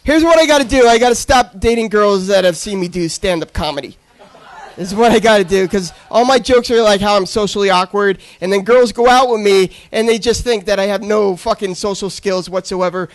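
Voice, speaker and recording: A man's voice: high-pitched, fairly quick. A young man doing a stand-up comedy set on a club stage, telling awkward self-deprecating stories with crude jokes.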